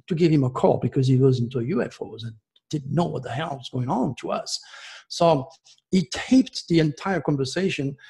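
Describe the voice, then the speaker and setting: Rambling male storyteller, gravelly and husky. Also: mid-range voice. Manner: rambling, excitable, many restarts. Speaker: caller telling a personal story. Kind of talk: casual storytelling.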